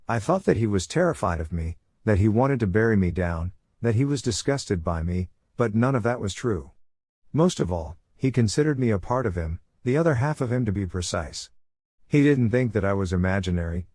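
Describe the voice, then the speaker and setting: A man narrating a first-person horror story in a measured, brooding way. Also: fairly low pitch, a little mellow, dry recording, clean studio sound.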